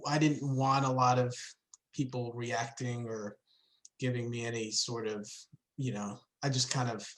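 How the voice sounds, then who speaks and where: A man on a panel giving a hesitant, halting answer to a question. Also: mid-range voice, little pitch movement, a bit bright. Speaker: meteorologist on a panel. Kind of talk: panel discussion.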